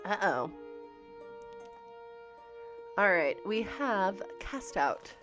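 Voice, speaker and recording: High, wildly animated woman streamer. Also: slow, pauses often, music in the background. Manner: loud, excitable, laughs and swears often. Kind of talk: live gameplay reactions.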